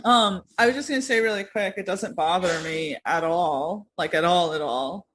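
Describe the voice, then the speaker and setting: A woman's voice: lowish voice, moderate pace, a bit bright, a little hiss or hum, rough recording. New woman co-host, chatty, laughs a lot, swears casually. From New York. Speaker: podcast co-host. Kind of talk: casual chat.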